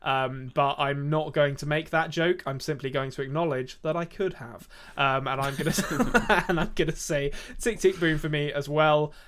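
A man's voice: a little high, fairly even intonation, normal speed, few pauses, a bit bright. A man hosting a casual podcast chat, joking and mocking himself as he wraps up the show. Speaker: podcast host.

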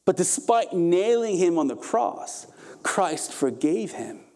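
Man, pastor, sermon, impassioned, emphatic rises and soft drops, mellow tone, slightly high voice. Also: very animated, takes it slowly. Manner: impassioned preaching, rising to emphatic peaks then dropping soft.

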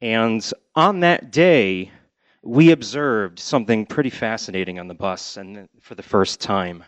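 A lowish, unhurried voice belongs to a man from Connecticut sharing a childhood story on stage, wry and deadpan, with acted-out family voices. The audio is lo-fi, without echo.

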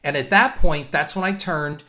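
A man hosts his own show and recounts run-ins from his career in an emphatic monologue. His voice sits a little high and comes across bright and forceful. He stays firm and indignant, setting out his points in numbered order. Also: moderate pace. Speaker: filmmaker and show host. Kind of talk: storytelling monologue.

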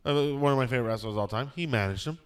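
A man's voice: medium pitch, racing, clean tone. A man hosting a casual podcast chat, rambling through stories with lots of fillers and restarts. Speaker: podcast host.

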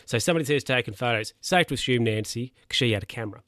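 A man's voice: mid-range voice, very fast, a bit bright, no echo, studio quality. A man casually recapping a film plot, rambling with lots of fillers and corrections.

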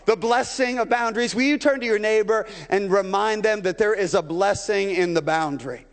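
Pastor guy preaching a sermon, keeps asking the crowd stuff, high voice, lots of hall echo. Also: normal speed. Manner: rhetorical questions to the congregation. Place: church sanctuary. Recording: long hall reverb.

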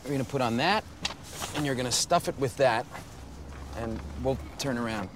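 An actor playing a heist leader who explains a plan in a halting, apologetic, measured way, in a film clip. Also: male voice, medium pitch, lightly acted. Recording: film clip with outdoor traffic noise.

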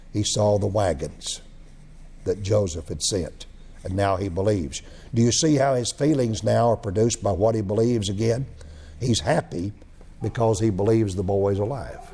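A man's voice: medium pitch, dark tone. A man preaching a sermon, telling a story, repeating phrases and asking rhetorical questions.

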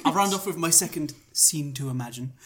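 A woman's voice: sits low, lively intonation, brisk. Playful woman telling a story. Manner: rambling, playful, laughs often. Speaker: podcast co-host telling a story. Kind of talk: casual comedic storytelling.

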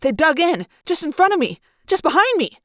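Expressive woman reading a story. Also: very high voice, a little fast, no room sound, studio quality. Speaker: reader. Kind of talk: fan audiobook reading.

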